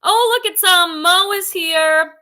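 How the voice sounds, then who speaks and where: A woman's voice: extremely high pitch, takes it slowly, pushed and bright. A woman hosting a casual reselling livestream from her living room, chatty and rambling, greeting viewers by name. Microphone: computer webcam on livestream.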